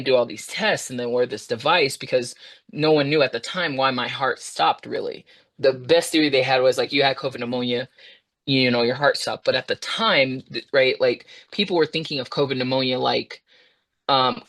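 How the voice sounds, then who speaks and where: A woman in her thirties, a podcast guest telling a personal story, animated, jumping high in pitch when she acts out her own past words.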